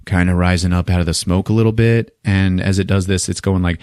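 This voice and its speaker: A podcast host with a low-pitched, brisk, smooth voice recaps a film casually in a podcast studio. He's animated and profane, acting out scenes with funny voices, and the studio-quality recording has no room sound.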